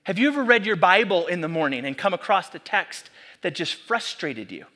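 A man preaching a sermon, animated and full of rhetorical questions to the congregation. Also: high voice, fairly quick. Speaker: pastor.

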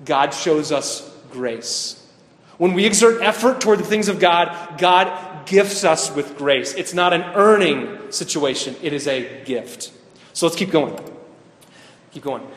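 A man's voice: a little high, a bit bright. A man preaching a sermon. He asks the listeners questions and repeats his main points. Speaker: pastor or Bible teacher. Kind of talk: interactive sermon. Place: teaching room or church hall with a board. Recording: echoey hall with long reverb.

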